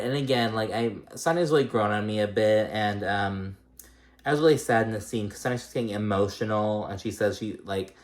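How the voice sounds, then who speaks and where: A vlogger giving a casual, chatty recap of a reality show episode, swearing freely and using lots of "um" and "like". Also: medium pitch. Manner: chatty, swearing, many fillers.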